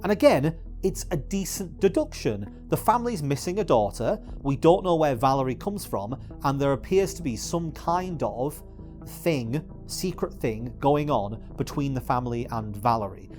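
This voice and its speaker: A man's voice: medium pitch, animated, normal speed, darkish tone, soft background music. A man giving exasperated, swearing video essay commentary as a YouTuber.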